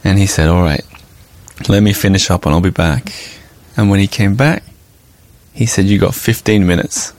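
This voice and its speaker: A man's voice: deep voice, normal speed, pauses often, darkish tone, no room sound. A man hosting a podcast, telling a story in a casual, chatty way with asides and fillers. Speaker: podcast host and journalist.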